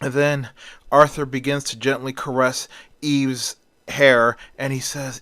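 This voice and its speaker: Smooth-voiced man retelling a story. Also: medium pitch, level tone, a little slow, fairly bright tone, no room sound. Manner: strings events with "and then".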